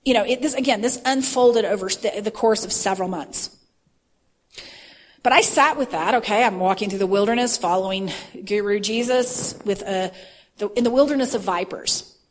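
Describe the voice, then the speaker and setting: A woman telling about a religious vision in a chatty, animated way with lots of fillers. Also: medium pitch, moderate pace. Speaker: Christian vision sharer. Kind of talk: casual testimony talk. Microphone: phone, handheld.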